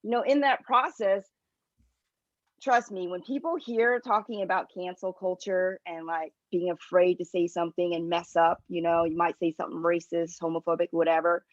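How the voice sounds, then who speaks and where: A woman's voice: lowish voice, steady tone, moderate pace, no echo, lo-fi sound. A woman doing stand-up comedy over a video call, talking in a chatty, rambling way with lots of fillers. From Connecticut, US.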